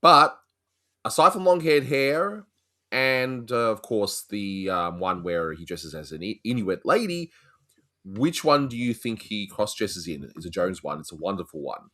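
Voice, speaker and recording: A man's voice: on the low side, big pitch swings, measured pace, pushed and bright. A man from Australia hosting a casual chat, rambling and restarting words often. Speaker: host.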